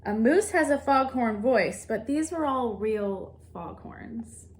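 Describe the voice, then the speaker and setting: A woman reading a picture book aloud as a guest reader for a class. Her voice is fairly high and swings widely in pitch. She reads slowly and expressively. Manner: expressive, animated storytelling.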